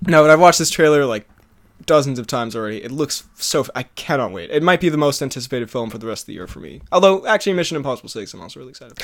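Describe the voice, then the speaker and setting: A man's voice: mid-range voice, lively intonation, very fast. A man co-hosting a podcast in casual chat, talking eagerly about movies and laughing often. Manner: chatty, laughs often, trails off and restarts. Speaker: podcast co-host.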